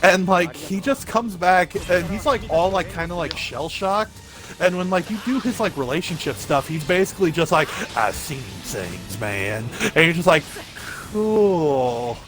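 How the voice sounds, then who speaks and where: A young man with a high-pitched voice streams a game at a moderate pace, telling a rambling story in casual chat and leaning heavily on filler words. Game music plays in the background.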